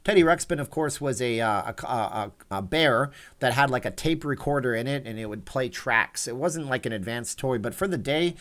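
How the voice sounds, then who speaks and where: A man's voice: medium pitch, expressive, normal speed, hardly any pauses, a bit bright. Chatty man hosting a livestream. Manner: rambling, reads chat aloud, chatty asides. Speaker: livestream host. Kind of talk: casual livestream chat.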